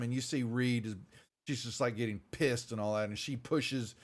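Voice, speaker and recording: A man's voice: mid-range voice, steady tone, moderate pace. A man running a tabletop game as game master, narrating loosely with many fillers and restarts.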